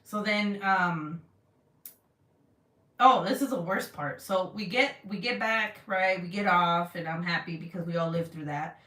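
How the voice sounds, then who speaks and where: A young woman telling a story casually on a livestream and reading her chat, animated and laughing often, with casual swearing. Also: on the low side, a little slow, recorded from a distance. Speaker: vlogger reading live chat. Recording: roomy sound, mic set back.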